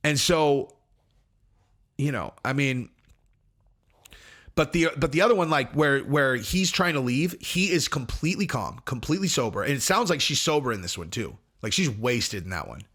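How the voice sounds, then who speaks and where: A man's voice: medium pitch, expressive, moderate pace, fairly bright tone. A man hosting casual commentary, talking in an emphatic, rambling way with frequent restarts. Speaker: host.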